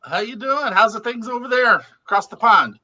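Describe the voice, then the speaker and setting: Bright, high-voiced older man joking. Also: normal speed. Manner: animated, joking, stumbling restarts. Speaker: guest. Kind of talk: casual chat.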